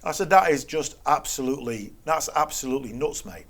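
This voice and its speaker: A man's voice: mid-range voice, animated, fairly quick, a bit bright. A middle-aged man, a guest telling a story in conversation and acting out the quoted exchanges with an incredulous, wry tone.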